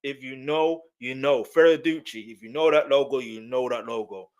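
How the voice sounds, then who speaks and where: Animated South London man. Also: mid-range voice, moderate pace. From South London, England. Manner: animated, rambling, repeats phrases. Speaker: reaction streamer. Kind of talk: casual reaction live stream.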